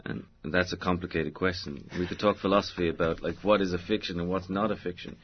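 A man's voice: low-pitched, steady tone, fast talker, muffled recording, slight background noise. An Irish man, a novelist, answering interview questions in a digressive, storytelling way with many fillers. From Ireland. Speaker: novelist guest.

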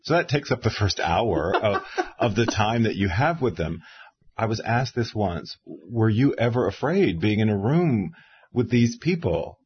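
Animated storytelling man in his fifties. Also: on the low side, measured pace, breathy edge, highs cut off. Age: 50s. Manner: animated storyteller who mimics people he quotes. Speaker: interviewer and author. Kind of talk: casual conversation.

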